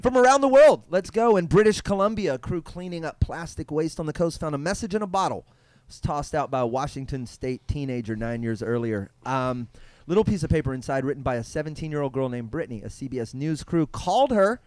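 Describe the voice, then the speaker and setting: Lively-voiced male comedy host. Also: a little high, fairly quick, few pauses, no echo. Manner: laughs often, reads news items aloud. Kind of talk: casual comedic banter.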